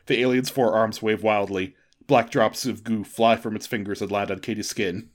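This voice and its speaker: A man's voice: lowish voice, fairly even intonation, normal speed. A man co-hosting a comic podcast, reading a gamebook aloud with wry asides. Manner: wry, amused. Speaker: co-host, reader.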